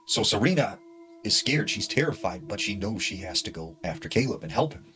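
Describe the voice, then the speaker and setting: Low-voiced man telling a creepy story. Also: very animated, brisk, fairly bright tone. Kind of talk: spooky true-story narration.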